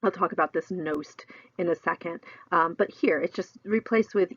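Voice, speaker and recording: A woman's voice: on the low side, normal speed, a bit bright, slightly rough, no room sound, lo-fi sound. A middle-aged woman teaching a recorded lesson, explaining in a chatty way with lots of fillers.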